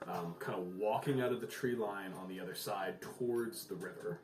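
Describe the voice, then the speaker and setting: A man's voice: deep voice, normal speed, noisy background. Man, game master narration, loose with fillers, echoey room, distant mic.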